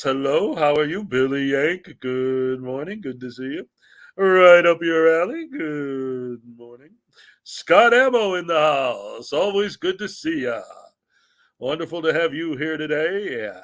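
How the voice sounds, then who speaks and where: A man hosting a casual livestream, greeting viewers by name in a lively, upbeat way. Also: a little high, slow pace, vocal fry. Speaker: livestream host.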